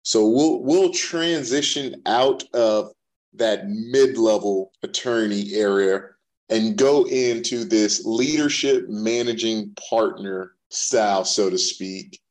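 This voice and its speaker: A man hosting a podcast interview, summing up the lessons for listeners in a measured way. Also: fairly low pitch, darkish tone. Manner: sums up takeaways for listeners, deliberate. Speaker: podcast host.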